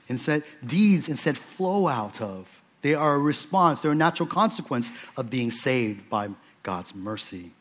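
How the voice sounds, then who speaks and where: A man preaching an earnest sermon to his own church, stressing points by repeating phrases. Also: on the high side. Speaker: pastor.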